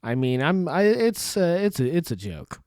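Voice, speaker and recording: This is a young man's podcast rant from his studio apartment, recorded dry at a foldable table, with sarcasm, cursing, lots of laughing and trailing off. His voice is a little high and a little mellow, very animated, at a moderate pace.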